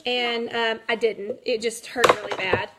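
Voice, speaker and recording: A woman's voice: fairly high pitch, steady tone, measured pace, heavy background noise. A woman in her thirties chatting casually to camera at home, laughing through her story with lots of fillers. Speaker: mother vlogging. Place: home, kids nearby.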